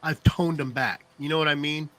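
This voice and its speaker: A man's voice: on the high side, steady tone, a little fast, a bit bright. A middle-aged man telling rambling stories in casual chat, laughing often and checking in with "you know what I mean". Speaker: podcast co-host.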